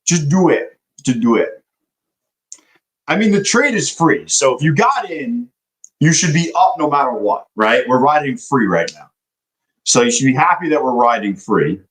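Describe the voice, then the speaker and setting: Animated young man trading on a stream. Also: medium pitch, moderate pace, low-quality recording. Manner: loose, swearing, chatting to viewers. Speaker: livestream day trader. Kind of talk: casual live-stream chat.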